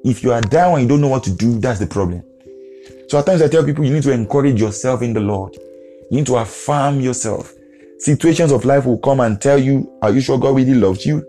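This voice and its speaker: A man's voice: medium pitch, a little fast, warm tone, faint music behind. A man preaching an earnest devotional podcast sermon, repeating phrases for emphasis.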